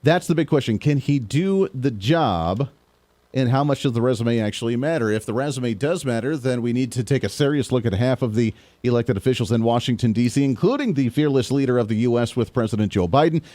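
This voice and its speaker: A man's voice: medium pitch, fairly quick, mellow, no echo. A man hosting a political podcast, giving solo commentary in long emphatic sentences with frequent asides.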